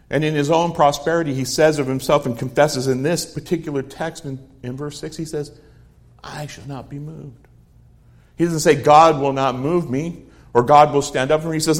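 Middle-aged guy preaching, earnest, tells stories, quotes people. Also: mid-range voice. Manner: earnest storytelling with quoted dialogue. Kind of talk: sermon.

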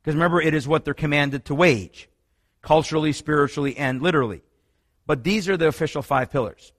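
A man preaching in a sermon-style teaching talk, telling stories with lively energy and frequent restarts. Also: fairly quick, no echo, clean studio sound. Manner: animated storytelling, many restarts, rising pitch when excited. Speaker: preacher teaching on another religion.

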